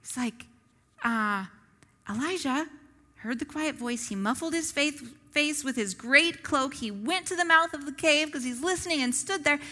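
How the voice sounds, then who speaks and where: A woman with a high voice speaks at normal speed, bright and forceful, in a large hall. It's a conversational Bible teaching in which she throws out rhetorical questions and frequently checks in with "right?".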